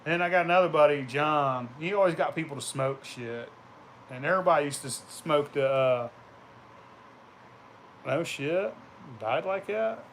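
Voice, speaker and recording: A man's voice: a little high, expressive, normal speed, long pauses, fairly bright tone, slight background noise. A man vlogging casually, telling rambling, profane anecdotes and laughing as he goes. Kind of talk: casual storytelling.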